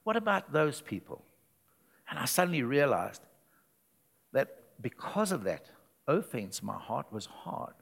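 A man, a pastor, preaching a sermon in church with lively storytelling that swings between loud and hushed delivery. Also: mid-range voice, creaky.

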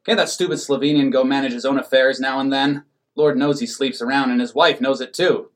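A man's voice: mid-range voice, fairly even intonation, brisk, lightly acted. A man voicing a scornful, grumbling male factory worker in a comic story, full of exclamatory slang.

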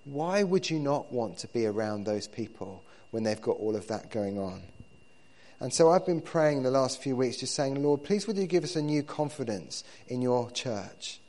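A man preaching to his church in a relaxed, conversational way, often repeating words as he builds his points. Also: medium pitch, normal speed. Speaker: pastor. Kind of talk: sermon.

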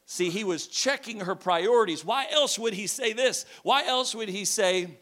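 A man preaching a lively sermon, telling a story with jokes and shouting at times. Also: sits high, unhurried, few pauses.

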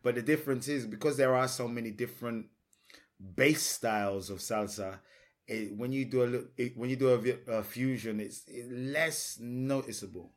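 A man with a Portuguese accent hosts a relaxed podcast conversation. He tells stories with energy and slips into quick impressions of other people's reactions. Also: mid-range voice. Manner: animated storyteller, acts out quotes. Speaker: podcast host. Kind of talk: casual podcast chat.

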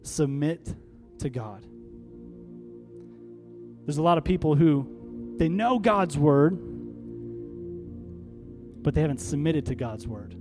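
Speaking slowly with long pauses, a male pastor delivers a sermon in an animated, somewhat high voice. Call-and-response with the congregation builds toward emphatic, rallying peaks, and music plays faintly behind him.

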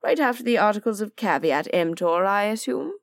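A woman's voice: medium pitch, lively intonation, fairly quick, dry recording, clean studio sound, voice pushed up, lightly acted. Woman playing a droll sardonic nobleman. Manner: droll, languid and teasing. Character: dry, sardonic aristocratic man, lazy and witty.

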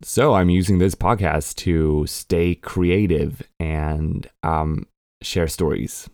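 Young Swedish podcast host with a learned American accent, low voice, candid and self-mocking, close dry mic. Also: male voice, takes it slowly, darkish tone, no room sound. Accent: American English learned by a Swedish speaker. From Sweden. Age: 20s. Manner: chatty, candid, swears casually, laughs at himself. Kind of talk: casual solo podcast monologue.

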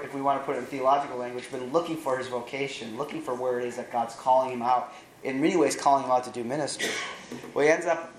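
Guy preaching and retelling a movie plot, lively with dry little jokes, echoey room with faint hum behind. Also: mid-range voice. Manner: animated retelling with wry asides. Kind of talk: sermon storytelling.

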